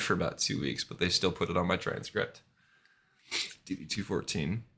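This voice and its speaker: A low-voiced man with a sharp tone streams a game, telling rambling, profane stories in casual chat. He's self-deprecating, full of fillers and restarts, and laughs at himself.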